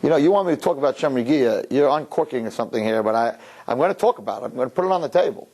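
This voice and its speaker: Animated rabbi telling a story. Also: male voice, mid-range voice, racing. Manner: animated, acts out characters. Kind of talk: sermon storytelling.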